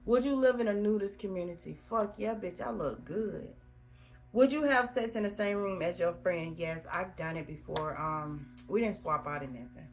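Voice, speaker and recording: A woman's voice: on the low side, moderate pace, faint music behind. A woman in her thirties answering question prompts alone on camera, blunt and crude, joking as she goes. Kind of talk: casual solo question-and-answer.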